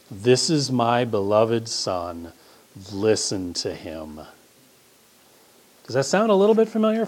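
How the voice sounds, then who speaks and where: A middle-aged man preaching a sermon as pastor, swinging between loud emphasis and hushed, quiet asides. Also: mid-range voice.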